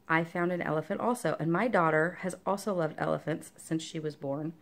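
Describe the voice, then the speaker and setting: A woman hosts a relaxed show-and-tell vlog about her cross-stitch projects. She talks in a rambling, chatty way, full of ums and asides. Her voice sits low, with a gravelly fry running through it. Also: a little fast. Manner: chatty and rambling, many fillers; talks to her dog between topics. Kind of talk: casual show-and-tell chat.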